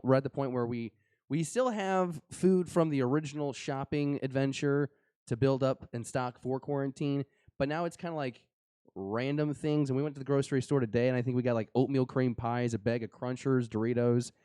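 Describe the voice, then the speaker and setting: A man's voice: mid-range voice, fairly even intonation, moderate pace, dark tone, clean tone, no room sound, clean studio sound. A young man hosting a podcast, chatting casually and jokingly, with lots of fillers and restarts. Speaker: podcast host. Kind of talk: casual live-show chat.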